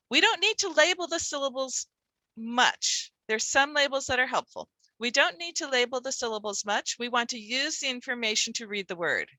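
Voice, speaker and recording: A woman's voice: a little high, sharp tone, no echo, low-quality recording. A middle-aged woman leading a teaching workshop, explaining in a conversational way with rhetorical questions. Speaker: literacy teacher trainer.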